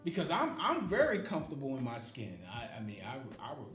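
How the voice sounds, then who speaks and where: A man's voice: mid-range voice, huge pitch swings, brisk, fairly bright tone. A man speaking as a guest in a casual conversation, explaining his views earnestly and thoughtfully. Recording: roomy room with faint music.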